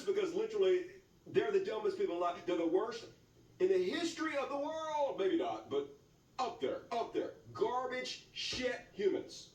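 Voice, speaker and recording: Southern man, sarcastic reaction host, lively high voice, roomy far-off sound. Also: moderate pace. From American South. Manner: mocking, profane, swings between high and low tones. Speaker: commentary host.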